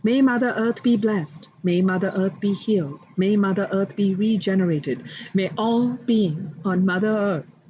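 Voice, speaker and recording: A woman leading a guided meditation and prayer, with slow, reverent, repetitive invocations and an emotional voice. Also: medium pitch, warm tone, highs cut off, a little hiss or hum. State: emotional, voice rising with tears. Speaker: spiritual healer leading a group blessing.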